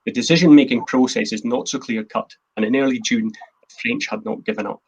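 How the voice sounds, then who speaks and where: A man's voice: medium pitch, fairly even intonation, fairly quick, creaky, a little mellow, breathy edge, highs cut off. A man, the host and a historian, giving an earnest, emphatic history talk from his notes. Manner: earnest, emphatic, quotes speeches in a plain voice.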